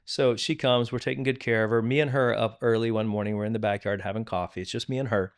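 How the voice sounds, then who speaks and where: A man's voice: fairly low pitch, steady tone, fast, clean tone. A middle-aged man, a pastor, telling a personal story of forgiveness in a candid, earnest way, often restarting and repeating words. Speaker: pastor and podcast guest. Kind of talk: candid testimony in conversation.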